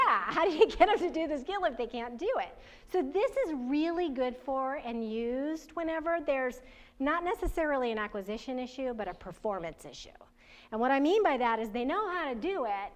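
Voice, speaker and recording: Woman, workshop presenter, conversational and chatty, voice a touch high. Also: lively intonation, brisk. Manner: conversational, chatty, laughs often, asks the audience questions. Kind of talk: training presentation to parents and educators.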